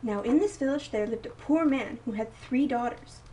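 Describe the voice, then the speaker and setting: A woman reading a picture book aloud in a slow, expressive storytelling manner. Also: a little high. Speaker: storybook reader. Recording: voice a bit distant from mic.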